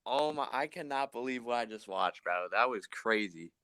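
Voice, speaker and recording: Bright crisp-voiced male caller. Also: medium pitch, expressive, moderate pace. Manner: amazed, slangy. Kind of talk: casual chat.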